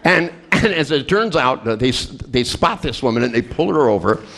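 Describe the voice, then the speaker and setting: A man presenting at a seminar, telling a funny story in an animated way. He often laughs mid-sentence and restarts his words. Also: mid-range voice, creaky, a little hiss or hum. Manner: animated, laughing through lines, quick restarts. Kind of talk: comic storytelling to an audience.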